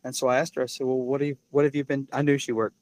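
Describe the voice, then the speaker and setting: A man telling stories in casual chat as a podcast guest, rambling and animated, often restarting and quoting people. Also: mid-range voice, very fast. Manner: rambling, animated, many restarts and quoted voices. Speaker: podcast guest, product maker. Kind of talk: casual storytelling.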